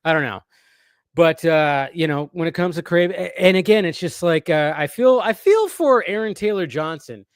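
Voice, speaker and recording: A man's voice: a little high, expressive, moderate pace, smooth, no echo, clean studio sound. A man hosting a casual movie-news live stream, rambling, restarting his sentences and reading viewers' messages aloud. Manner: rambling, restarts often, reads chat aloud.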